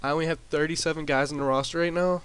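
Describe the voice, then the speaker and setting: A man casually recapping his wrestling sim game in a rambling way, with lots of fillers and restarts, talking into a desk mic turned up loud. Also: fairly high pitch, fairly even intonation, rapid-fire, clear, resonant tone. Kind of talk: casual commentary over gameplay. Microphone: desk mic with boosted gain.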